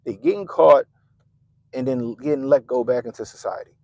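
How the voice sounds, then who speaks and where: A gravelly-voiced man ranting through political commentary, full of swearing and mockery. His delivery is animated, jumping suddenly loud, then dropping to muttered asides. His voice sits in a middle pitch with a rough, fry-laden edge. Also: normal speed, no room sound. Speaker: commentary channel host. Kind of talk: profane political commentary rant.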